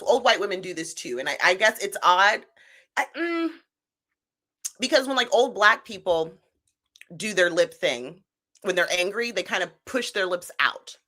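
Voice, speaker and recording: Bright, sarcastic woman streamer. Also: fairly low pitch. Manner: sarcastic, mocking, laughing commentary. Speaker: stream host. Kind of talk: casual chat reacting to clips.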